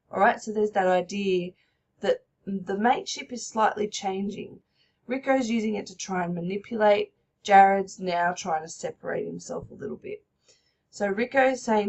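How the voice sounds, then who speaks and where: Woman, teacher, recorded lesson, explanatory, gravelly. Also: medium pitch, moderate pace. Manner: explanatory, checks in with frequent "all right?".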